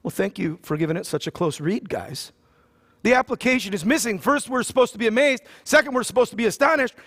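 A pastor preaches to his congregation in a fairly high voice for a man, reading scripture aloud and then retelling it in loose, joking everyday language. His conversational sermon is animated, fast and a bit bright, casual and humorous with slang asides.

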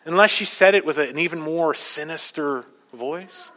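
A male pastor preaching a sermon with urgent emphasis, swinging from soft passages to loud ones. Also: on the high side, normal speed, long reverb tail. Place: church.

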